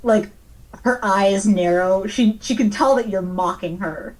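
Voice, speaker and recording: Slow, dry-toned woman player. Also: medium pitch, a little mellow, rough recording. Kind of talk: tabletop role-play.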